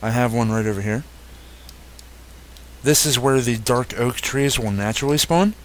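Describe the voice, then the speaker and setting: A young man narrates a video game walkthrough in a relaxed, easygoing way, pausing often with fillers and correcting himself as he goes. His voice sits at an ordinary pitch, with a faint hum behind it. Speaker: gaming YouTuber. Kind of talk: casual game update walkthrough.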